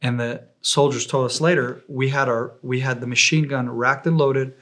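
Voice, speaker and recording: An Israeli man, appearing as an interview guest, tells combat stories in a casual, animated way and acts out the voices of the people he quotes. His pitch is medium and his speed normal.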